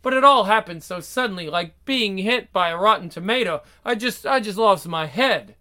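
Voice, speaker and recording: A woman's voice: mid-range voice, expressive, normal speed, bright, forceful tone. An actress playing a devoted young wife who narrates her story in earnest, emotional 1940s radio acting. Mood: distraught.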